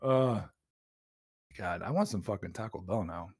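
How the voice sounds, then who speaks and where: A young adult man hosting a podcast in casual chat, telling stories excitedly with frequent laughter. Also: fairly low pitch, a little slow, breathy edge. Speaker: podcast host.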